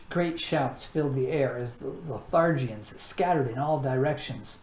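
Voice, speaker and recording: A woman, a teacher, reading a children's novel aloud in an expressive storytelling manner. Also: a bass voice, a little slow, few pauses. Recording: echoey room, faint background hum.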